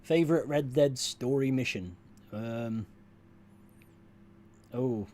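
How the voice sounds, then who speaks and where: A streamer reading chat, this man from southwest England speaks in a mostly received pronunciation accent touched with West Country and Northern sounds. His voice is mid-range, slow and warm as he casually answers viewer questions, rambling, correcting himself and chuckling often.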